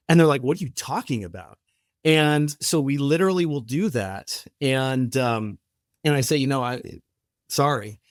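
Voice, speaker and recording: A man's voice: medium pitch, dry recording, studio quality. A man as a podcast guest, telling stories and acting out the dialogue, with frequent restarts. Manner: animated storyteller, acts out quoted dialogue, frequent restarts. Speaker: podcast guest, company founder. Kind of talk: storytelling in casual interview.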